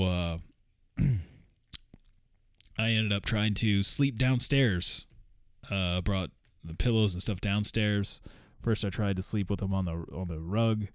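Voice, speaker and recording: A man's voice: fairly low pitch, clear, resonant tone, no echo, studio quality. A man telling a rambling, profane story in a casual vlog, often chuckling.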